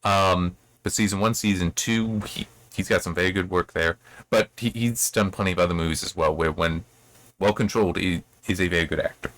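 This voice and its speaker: A man's voice: deep voice, steady tone, fairly quick, a bit bright, no echo. A man giving a casual, rambling commentary as a book reviewer, thinking aloud.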